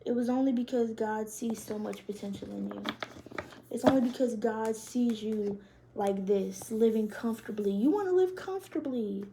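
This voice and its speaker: A young woman gives a casual tarot reading, full of slang, swearing and laughter. Her voice sits high but sounds mellow and soft-edged. A faint hiss runs under the home recording. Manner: loose, slangy and profane, laughing often. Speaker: tarot reader.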